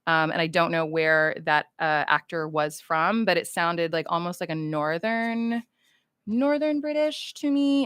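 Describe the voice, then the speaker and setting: A woman's voice: fairly low pitch, unhurried, a bit bright, smooth, no echo, clean studio sound. A woman from the United States, chatting casually on a livestream with fans, goofy and rambling as she reads chat comments aloud.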